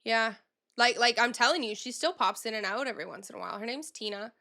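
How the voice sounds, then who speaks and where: A woman's voice: fairly high pitch, fast talker, gravelly, pushed and bright. A woman co-hosting a podcast in casual chat, giggly and rambling, with lots of fillers. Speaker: podcast co-host.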